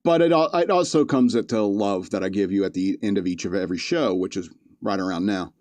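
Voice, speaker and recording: A man's voice: on the low side, a little fast, a little mellow, dry recording. A man hosting a podcast, reading news stories aloud with joking asides and frequent chuckles. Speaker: podcast host. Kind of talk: casual comedic commentary.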